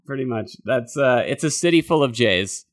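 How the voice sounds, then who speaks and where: A man hosting a podcast, talking in a loose, rambling way and swearing casually, with a hoarse voice. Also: medium pitch, lively intonation, normal speed, no echo, clean studio sound. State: hoarse, losing his voice. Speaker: podcast host. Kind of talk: casual chat.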